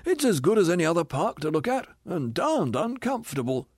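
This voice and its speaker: A man's voice: a little high, very animated, fairly quick, darkish tone, husky, no echo, studio quality. A man voicing a bitter, cynical, hard-bitten male ghost who rants scornfully about being lied to. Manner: sneering, scornful, ranting complaints.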